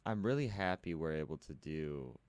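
A man's voice: rumbling low, expressive, moderate pace, darkish tone, dry recording. A man hosting a podcast in casual conversation, with a musing, speculative way of talking. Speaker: podcast host.

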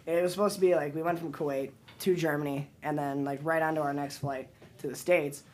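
A man's voice: a little high, fairly even intonation, brisk, darkish tone. A young man from Wisconsin telling a story in laid-back casual chat. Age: young adult. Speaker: podcast guest.

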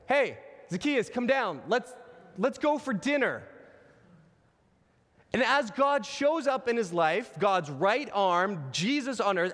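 A man preaching a conversational Easter sermon, retelling stories and dropping soft and low when he quotes God. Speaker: pastor. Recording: long hall reverb.

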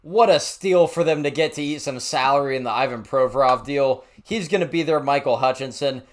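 A man's voice: medium pitch, fairly quick. A man co-hosting a casual sports podcast, joking bluntly and swearing freely. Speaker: podcast co-host.

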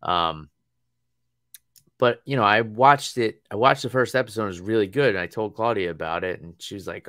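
A man's voice: lowish voice, normal speed, fairly bright tone, no echo, clean studio sound. A man in his thirties chatting casually on a podcast, telling long rambling stories and laughing often. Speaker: podcast co-host. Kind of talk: casual chat.

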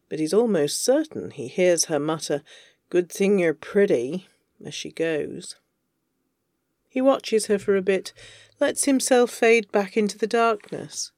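A narrator reading fan fiction aloud, with even, wry storytelling. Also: mid-range voice, unhurried, no echo, studio quality.

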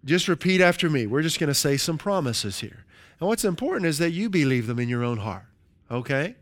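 A man preaching a sermon as pastor, leading his congregation through slow, emphatic call-and-response lines. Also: on the high side, very animated.

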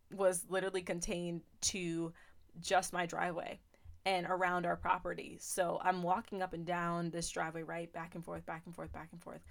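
A woman's voice: fairly low pitch, a bit bright. A young woman hosting a podcast, telling a personal faith testimony in an earnest, emotional way, with lots of fillers. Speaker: podcast host.

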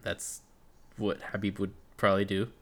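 A man's voice: lowish voice, flat delivery, normal speed, fairly bright tone. A man co-hosting a casual podcast, recapping a fight show in a laid-back way, swearing freely and trailing off. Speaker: podcast co-host.

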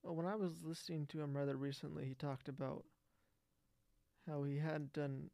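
A man's voice: fairly high pitch, level tone, moderate pace, vocal fry, warm tone, dry recording. A young man chatting casually and offhandedly, rambling a bit and repeating words. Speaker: podcast guest. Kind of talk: casual chat.

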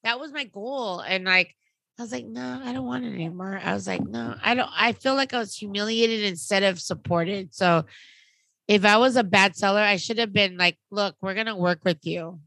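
A woman in her thirties, podcast co-host, chatting casually and telling an animated story, acting out what others said. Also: medium pitch, normal speed, no room sound. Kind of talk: casual chat.

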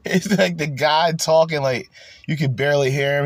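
A man giving casual reaction commentary in an animated, laughing way, full of profane slang. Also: fairly high pitch, normal speed, no room sound.

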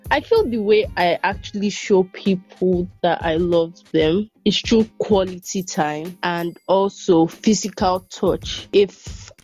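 Husky woman hosting chat. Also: on the low side, slow pace, hardly any pauses, warm tone, soft background music. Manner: cheerful, encouraging, teasing. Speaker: podcast host. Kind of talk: casual chat among friends.

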